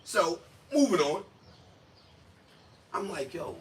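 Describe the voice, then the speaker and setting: A man's voice: medium pitch, normal speed. Rambling New man on a stream. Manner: loose rambling slang talk, animated quoted asides. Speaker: livestream host. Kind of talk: casual stream commentary. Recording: distant mic with faint room noise.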